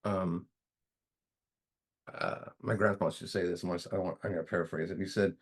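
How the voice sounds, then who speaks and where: A man's voice: sits low, fairly even intonation, normal speed, slightly rough. A man leading a recovery study group in a casual teaching manner, folksy, often repeating himself and saying "you know".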